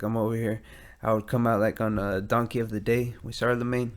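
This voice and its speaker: A man's voice: medium pitch, flat delivery, brisk. A young adult man, hosting a rambling, profane solo podcast from his garage. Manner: rambling, profane, laid-back. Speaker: podcast host. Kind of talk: casual solo podcast monologue. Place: home garage.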